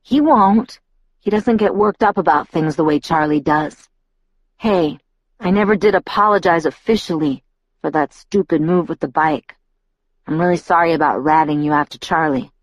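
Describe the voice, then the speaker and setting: Woman reading as a bitter moody teen boy, low grave tone, dry sound. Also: normal speed, dry recording, dull audio. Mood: grim. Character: brooding teenage boy, bitter and intense.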